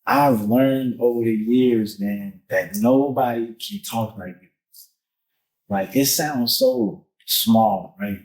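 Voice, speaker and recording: A man appearing as a musician guest on a podcast, talking casually in animated street slang and swearing often. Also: medium pitch, slow pace, low-quality recording. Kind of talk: casual conversation.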